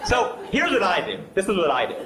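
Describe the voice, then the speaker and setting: A man's voice: high-pitched, wildly swooping pitch, a little fast, background noise. A man doing self-deprecating stand-up comedy in a comedy club, bantering with the audience. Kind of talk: stand-up comedy with crowd work. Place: comedy club stage before a live audience. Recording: echoey live club with audience laughter.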